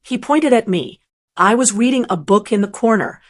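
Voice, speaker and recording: A woman's voice: fairly high pitch, expressive, normal speed. A woman narrating a dramatic personal story in an intense way.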